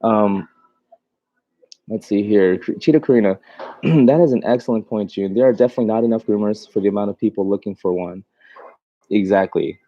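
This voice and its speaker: On a dry, lo-fi recording, a mobile dog groomer with a lowish, mellow voice chats casually on his livestream at a fairly quick pace. He reads out viewer comments and laughs a lot. His talk comes in loose, rambling bursts full of fillers and false starts.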